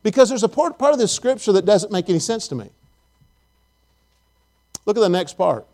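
A man's voice: high-pitched, big pitch swings, moderate pace, warm tone. A man preaching a sermon in a church auditorium, emphatic, repeating phrases and putting questions to the congregation.

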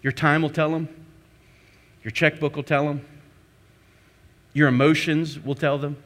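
A man's voice: on the high side, fairly bright tone. A man preaching a sermon to his church, emphatic, with repeated phrases and rhetorical questions. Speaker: pastor.

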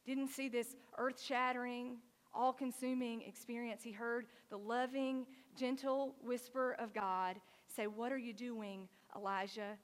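A woman pastor preaches with animated storytelling, peppering her talk with "like". Her voice sits fairly high, and the long reverb of a large hall carries each phrase out. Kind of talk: sermon.

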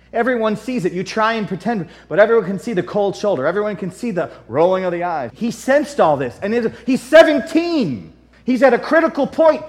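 Male pastor, fairly high voice, animated sermon delivery with folksy humor and loud emphatic repeats. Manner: animated, swings from soft asides to loud emphatic repetition; folksy humor, reads King James scripture aloud.

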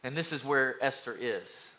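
A male pastor preaching an energetic sermon, calling out to the congregation and building to loud, fired-up passages. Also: mid-range voice, normal speed.

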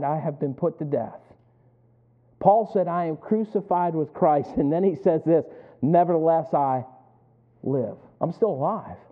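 A man preaches in a slightly high voice, swinging between chatty stories and drawn-out scripture. He keeps asking the congregation to call out the missing words. The sound is thin and tinny, like it came down a phone line. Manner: animated storytelling, asks the congregation to fill in words. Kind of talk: sermon.

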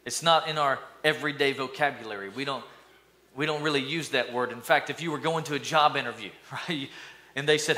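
Male pastor, upbeat sermon, bright tone, banters with congregation. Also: a little fast. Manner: energetic, playful, calls for responses from the congregation; acts out mock voices with sudden high-pitched bursts.

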